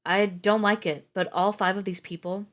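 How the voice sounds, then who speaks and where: A woman voicing a tired, cautious young man who talks in low mutters. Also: fairly even intonation, moderate pace, a bit bright, lightly acted. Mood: earnest.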